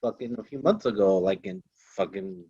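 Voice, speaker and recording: A man's voice: lowish voice, moderate pace, mellow, husky, dry recording. A man in a casual podcast chat, defensive and swearing heavily. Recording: dull lo-fi mic.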